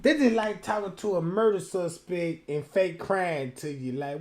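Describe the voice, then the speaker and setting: A man streaming a casual reaction commentary, loud and profane, who slips into sung bits and mock voices. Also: high voice, a little slow. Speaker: streamer host.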